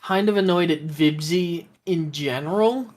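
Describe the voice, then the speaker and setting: A man's voice: a little high, a little slow, a little mellow. An Australian man chatting casually on a game stream, rambling with lots of fillers.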